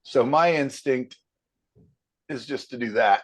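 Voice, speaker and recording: A man teaching a painting class in a casual critique, easygoing and joking, thinking aloud with plenty of pauses and fillers. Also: medium pitch. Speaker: painting instructor.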